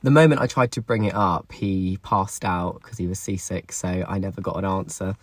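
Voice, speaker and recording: A young man tells a painful personal story straight to camera, emotional and full of swearing. His voice is somewhat husky and sits a little low. The recording is close and dry. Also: fairly even intonation, normal speed, dry recording. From England.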